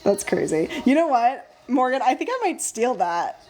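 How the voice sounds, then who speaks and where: A young woman hosting a casual live stream, chatting with viewers while she draws, bubbly and easily excited. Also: fairly high pitch, normal speed, soft background music. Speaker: live-stream host and sticker artist.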